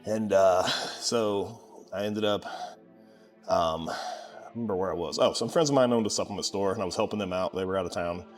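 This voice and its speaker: A man's voice: sits low, a little fast, soft background music. Sarcastic man in his twenties telling a story. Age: 20s. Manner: sarcastic, animated when quoting people. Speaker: gym owner vlogger. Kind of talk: casual storytelling.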